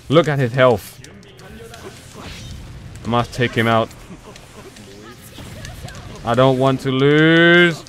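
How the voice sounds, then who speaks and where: Bright-voiced man cursing through gameplay. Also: mid-range voice, extremely slow, long pauses, clean tone, soft background music. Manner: profane, frustrated mutterings with sudden shouts. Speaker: gameplay commentator. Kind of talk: casual live gameplay commentary.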